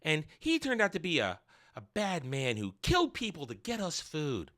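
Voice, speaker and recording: A man's voice: on the high side, huge pitch swings, normal speed, fairly bright tone. A man hosting a casual review, recapping sarcastically with rambling, profane asides. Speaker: TV review host.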